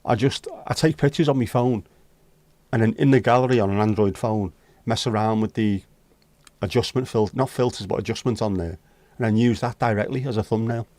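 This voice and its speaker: Speaking in a lowish, darkish voice at a brisk clip, a man runs a casual livestream set in a virtual pub. He jokes around with viewers and banters with chat as he goes through their comments, and the audio carries no room sound.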